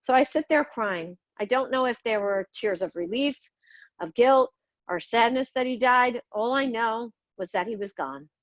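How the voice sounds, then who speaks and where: A woman's voice: a little high, normal speed, dry recording, highs cut off. Somber woman reading her own memoir. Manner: somber, confessional, blunt with occasional swearing. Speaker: podcast host telling her own story. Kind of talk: personal memoir narration.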